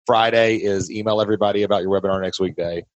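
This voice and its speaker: A low-voiced man with a Southern Kentucky accent coaches on a podcast, emphatic and energetic. His voice sits close and dry, with no room around it. He challenges the listener again and again. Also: rapid-fire, dry recording, muffled recording. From Southern United States. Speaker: podcast host and business coach. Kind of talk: casual coaching chat.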